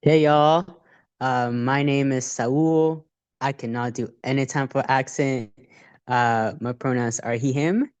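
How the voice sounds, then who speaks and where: Man, very deep, slow, smooth, dull dry audio. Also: steady tone, darkish tone, dry recording.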